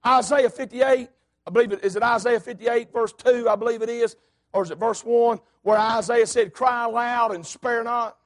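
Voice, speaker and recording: A man preaching a fiery sermon, swinging between hollering and low asides. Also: steady tone, normal speed.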